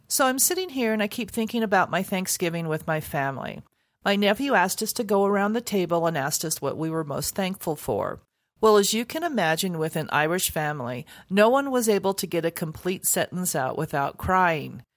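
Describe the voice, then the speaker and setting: A woman hosts a food podcast in a somewhat low voice. Her delivery is earnest and heartfelt. The sound is dry and close. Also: animated, a little fast, no echo. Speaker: podcast host. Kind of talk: scripted podcast intro and interview.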